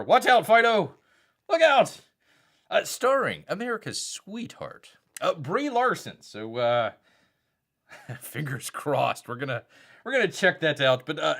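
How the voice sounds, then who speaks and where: A man's voice: mid-range voice, fairly bright tone. A man with a Southern accent hosting a casual live stream, rambling, reading viewer chats and calling himself by a nickname in third person. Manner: reads out viewer chat messages.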